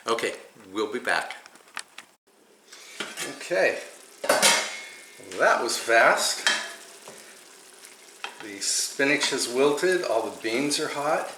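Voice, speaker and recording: A man's voice: fairly low pitch, echoey room, noisy background. A man hosting a home cooking show, chatty and enthusiastic as he talks through each step in his kitchen.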